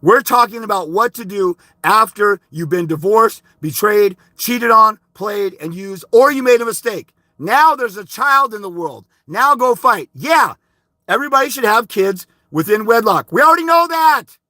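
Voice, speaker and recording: A man's voice: sits high, animated, moderate pace, bright, forceful tone, no room sound, studio quality. A man ranting on a livestream, heated and profane, scolding his critics. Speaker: fathers' rights advocate streaming live. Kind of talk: angry livestream rant.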